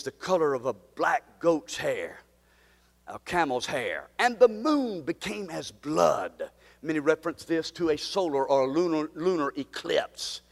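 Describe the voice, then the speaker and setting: A man preaching a sermon as pastor, swinging between quiet teaching and shouted exhortation. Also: fairly high pitch, long reverb tail.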